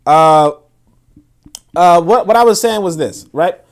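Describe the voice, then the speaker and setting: High-voiced Brooklyn man, emphatic livestream host. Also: slow pace. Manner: emphatic, repeats words when building a point; reads viewer comments aloud. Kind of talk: casual livestream commentary.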